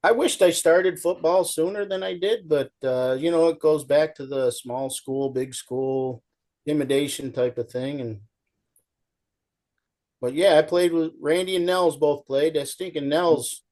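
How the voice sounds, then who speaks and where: A man's voice: on the high side, measured pace. A middle-aged man telling folksy stories in casual chat as a show guest, acting out the people in them. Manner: folksy, animated storyteller, acts out shouting coach.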